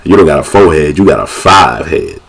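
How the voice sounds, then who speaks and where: A young man vlogging a casual movie recap, an animated storyteller who keeps laughing and acting out the scenes. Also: extremely low pitch, moderate pace, vocal fry, breathy edge. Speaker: YouTube vlogger.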